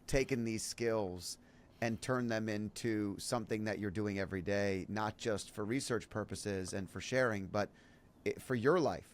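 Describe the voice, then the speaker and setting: Low-voiced man hosting a podcast. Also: normal speed. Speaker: podcast host. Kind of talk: interview question.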